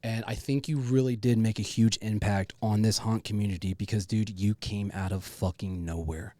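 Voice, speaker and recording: A man's voice: lowish voice, fairly even intonation, normal speed, warm tone, dry recording. A man hosting a casual podcast interview, talking in a loose, effusive way, swearing freely and saying "dude" again and again. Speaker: podcast host.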